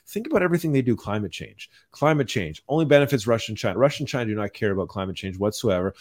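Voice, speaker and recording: A man hosting a podcast, delivering a calm, mild-mannered rant in casual chat. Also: lowish voice. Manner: even-toned, mild-mannered ranting. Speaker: podcast host.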